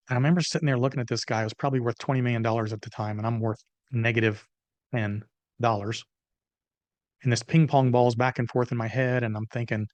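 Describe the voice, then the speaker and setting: A man in his fifties, a business consultant telling a personal story as a podcast guest, lively and dramatic, acting out the voices of others. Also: mid-range voice, quick pace, dry recording. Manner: animated storyteller, acts out dialogue. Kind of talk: storytelling interview answer. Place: podcast recording.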